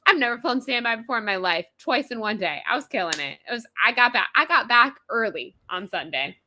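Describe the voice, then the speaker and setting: A woman co-hosting a podcast, telling a story in a lively, casual way and swearing freely. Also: fairly high pitch, a little fast, a little hiss or hum. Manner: animated, profane, self-mocking storyteller. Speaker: podcast co-host.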